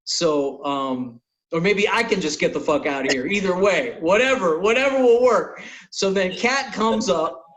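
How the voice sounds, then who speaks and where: A middle-aged man, a comedian hosting a talk show, telling a long story in a loose, animated way. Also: a little high, measured pace, rough recording. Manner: animated storyteller, acts out quotes. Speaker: podcast host and comedian. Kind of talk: casual storytelling.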